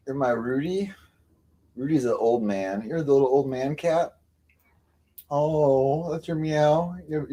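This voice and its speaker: A man's voice: mid-range voice, warm tone, husky. A man hosting a livestream, cooing affectionate baby talk to his cats between remarks to the chat. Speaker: livestream host.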